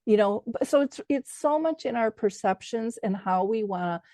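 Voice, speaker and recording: A woman's voice: a little high, animated, moderate pace, dark tone, dry recording, studio quality. A middle-aged woman hosting a podcast, affirming her guest and telling a family story in an earnest way. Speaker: podcast host. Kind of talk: conversational interview with anecdotes.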